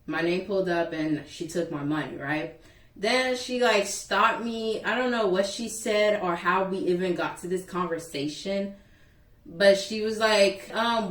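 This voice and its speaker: A young woman casually telling a school story to the camera, animated and chatty, acting out the people in it. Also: fairly low pitch, recorded from a distance. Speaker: vlogger. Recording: echoey room, a bit off-mic.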